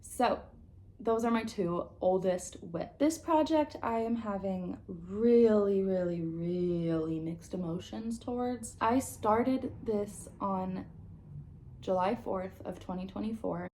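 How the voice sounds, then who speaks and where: A woman's voice: medium pitch, takes it slowly, warm tone. A woman vlogger chatting casually to her viewers about her crafting projects, with a groggy morning voice, having just woken up. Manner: chatty and self-aware, addresses viewers directly. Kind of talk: casual vlog chat.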